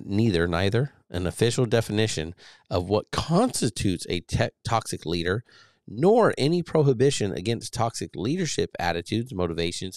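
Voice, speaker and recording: A man's voice: on the low side, dry recording, clean studio sound. A man hosting a podcast who reads an article aloud and rambles through casual, profane commentary with many restarts. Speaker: podcast host.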